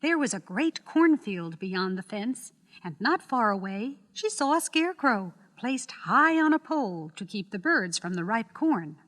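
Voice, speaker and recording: Female storybook narrator, slightly high and animated, measured scripted reading. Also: in a large hall.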